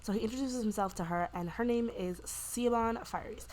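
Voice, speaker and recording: A woman casually narrating a life-sim game, rambling with lots of "like" and "you know" and voicing the characters' lines in quick asides. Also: fairly high pitch, darkish tone, a little hiss or hum. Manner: voices the Sims' lines in quick quoted asides. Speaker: gameplay narrator. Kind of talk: casual let's-play storytelling.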